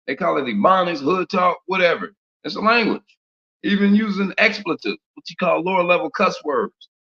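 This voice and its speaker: Here a preacher with a medium-pitched, slightly bright voice talks informally in street slang, firing rhetorical questions one after another. The recording is muffled and lo-fi, with a roomy echo.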